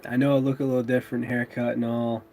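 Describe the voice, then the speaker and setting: A man's voice: medium pitch, completely flat delivery, rapid-fire, a little mellow, slight background noise. A man with a stuffy nose from a cold, chatting in a laid-back way with viewers as host of his live stream. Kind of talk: casual live stream chat.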